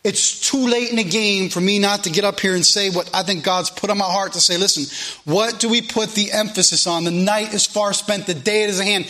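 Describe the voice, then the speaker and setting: A pastor preaches to his church in a high, ringing voice. He is earnest and conversational, circling back to repeat his points and slipping in plain asides. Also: moderate pace, pushed and bright. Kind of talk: sermon. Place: church sanctuary.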